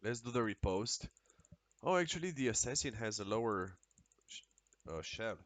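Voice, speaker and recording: A man streaming a video game, talking casually and excitably with lots of swearing and exclamations. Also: on the low side, moderate pace, dry recording. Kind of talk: casual live-stream commentary while playing.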